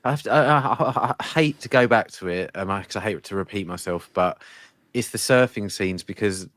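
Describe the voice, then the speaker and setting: A man appearing as a podcast guest, talking about a film in a relaxed, thoughtful way. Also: on the low side, normal speed, no echo, clean studio sound. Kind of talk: casual film-review chat.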